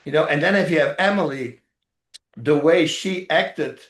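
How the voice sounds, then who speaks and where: With a slightly high voice and normal speed, this former fighter turned actor rambles through anecdotes as an interview guest. He laughs a lot and performs others' dialogue, all in a roomy, echoing space.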